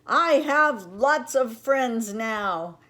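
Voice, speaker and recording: A woman's voice: a little high, big pitch swings, a little slow, a little mellow, voice pushed up. A woman voicing a lonely, eager little boy beaver who asks earnest questions in a storybook reading. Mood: joyful.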